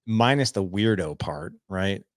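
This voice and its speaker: A man's voice: low-pitched, unhurried, dry recording, clean studio sound. A man, maybe in his thirties, telling a casual story as a podcast guest, acting out the quotes with lots of restarts. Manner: animated, acts out quotes, many restarts.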